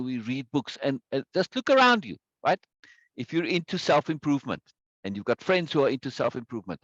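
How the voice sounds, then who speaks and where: A man's voice: mid-range voice, fairly bright tone, no echo, lo-fi sound. A man teaching a live online self-help course, stressing points by repeating words and reading viewers' chat aloud. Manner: greets viewers by name from chat.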